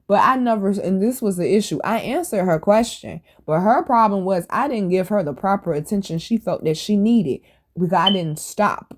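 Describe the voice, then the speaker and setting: A woman hosting a podcast, telling stories in a casual, animated and blunt way, full of slang and swearing. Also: medium pitch, moderate pace. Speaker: podcast host. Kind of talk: casual storytelling monologue.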